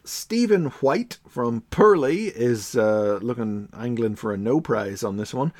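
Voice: medium pitch, expressive, a little slow, a little mellow. A podcast co-host chatting and reading comic letters aloud with a chuckling, storytelling manner.

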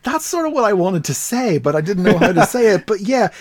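Animated man chatting about comics. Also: high-pitched, brisk, crowd noise. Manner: animated, laughs often, acts out quotes. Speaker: podcast co-host. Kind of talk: casual comic discussion.

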